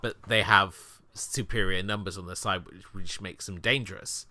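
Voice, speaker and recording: A man's voice: low voice, steady tone, moderate pace, pushed and bright, no echo. Man, podcast co-host, laid-back, explanatory, dry sound. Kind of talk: casual chat.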